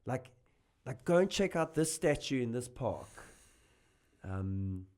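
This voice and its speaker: A man with a South African accent, a guest comedian chatting on a podcast. He is animated and jokey, often restarting his sentences. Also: medium pitch, slow pace. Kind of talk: casual podcast chat.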